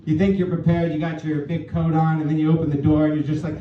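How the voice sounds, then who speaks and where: A man's voice: fairly high pitch, little pitch movement, fast talker, hardly any pauses, distant mic, a loud crowd. Man, stand-up comedian, rambling, self-deprecating, dull roomy club recording. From California. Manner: rambling, self-deprecating, filler-heavy delivery. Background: audience laughter.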